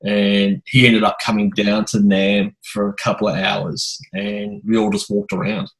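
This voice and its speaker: A podcast host with a fairly low voice. He rambles through anecdotes in a relaxed, chatty interview, full of restarts and lively asides. It sounds like easygoing conversation between fellow drummers. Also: a little slow, rough recording. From Australia. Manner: rambling anecdotal storyteller, animated. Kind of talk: casual interview chat.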